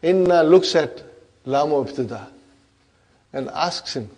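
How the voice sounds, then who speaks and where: Higher-voiced man teaching arabic grammar, unhurried, native urdu speaker, keeps asking the class if they follow. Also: expressive, a little mellow. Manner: interactive, constantly checks in with the class. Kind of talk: classroom lecture.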